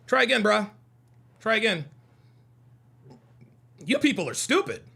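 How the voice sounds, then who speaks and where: A man's voice: high-pitched, sing-song, unhurried, vocal fry, bright, forceful tone, breathy edge. A man hosting a heated livestream, reading out chat comments and arguing with them in a combative, mocking way, repeating his points.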